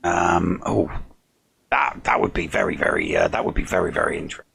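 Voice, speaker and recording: A man's voice: rumbling low, wildly swooping pitch, a little fast, gravelly, fairly bright tone, breathy edge. A man co-hosting a podcast in casual chat, hesitant and full of fillers but jokey. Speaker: podcast co-host.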